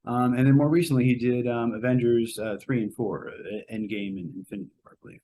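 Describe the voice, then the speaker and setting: A man casually reviewing a movie on a podcast, rambling and hesitant, with many pauses and fillers. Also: medium pitch, steady tone, mellow, slight background noise. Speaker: podcast co-host reviewing a film. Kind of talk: casual spoken film review.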